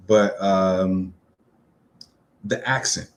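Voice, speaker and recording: Low-voiced New man, chatty reviewer. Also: expressive, drawn-out words, pauses often. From New York City. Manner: loose and chatty, lots of ums and uhs, upbeat. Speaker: movie reviewer. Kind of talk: casual spoken film review.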